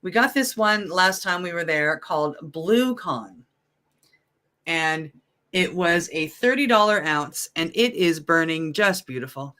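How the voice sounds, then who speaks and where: A woman chatting casually over a video call, relaxed and blunt, swearing now and then. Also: lowish voice, measured pace. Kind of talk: casual chat.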